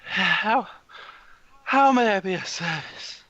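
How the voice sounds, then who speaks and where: A wheezing, stammering housemaid gasps out her greeting, as a man puts her on in a high, bright voice. The recording sounds dull and lo-fi. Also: animated, slow pace, no room sound, heavily acted. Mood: breathless. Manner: panting, stammering. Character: breathless woman servant of a large house.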